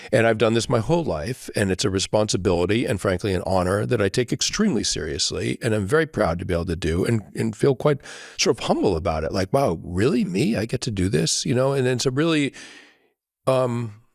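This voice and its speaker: Low-voiced guy, podcast guest, earnest and reflective, keeps saying right?, dry close sound. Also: expressive, brisk, gravelly, no echo. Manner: earnest, often tags sentences with "right?". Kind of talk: reflective conversational storytelling.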